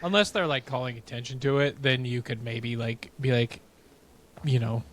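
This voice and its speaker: A man's voice: mid-range voice, fairly even intonation, normal speed, a bit bright, a little hiss or hum. A man co-hosting a podcast, reading listener comments aloud with dry humor. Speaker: podcast co-host.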